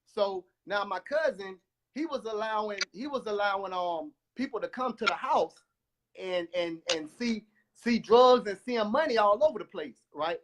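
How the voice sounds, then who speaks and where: A man with a strikingly high voice and a drawl tells his life story as a testimony. He talks over a phone, circling back on words, repeating himself and restarting phrases as the story pours out. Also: normal speed, background noise. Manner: repetitive, animated storytelling with many restarts. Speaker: guest giving a testimony.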